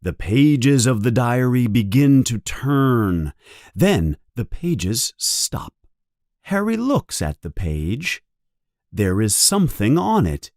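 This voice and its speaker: A man narrates a storybook in a clear, deliberate way for learners. He talks very slowly with widely rising and falling pitch. The recording is close and dry. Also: big pitch swings, darkish tone, no echo. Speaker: audiobook narrator.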